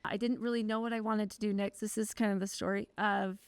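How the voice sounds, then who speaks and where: A woman's voice: mid-range voice, level tone, fairly quick, smooth, no echo. A woman guest on an interview podcast, telling personal stories candidly and with wry humor. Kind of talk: casual conversational interview.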